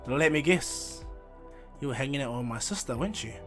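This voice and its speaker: A man voicing a brash, whiny boy ninja who protests loudly. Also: medium pitch, lively intonation, a little fast, over music, natural voice.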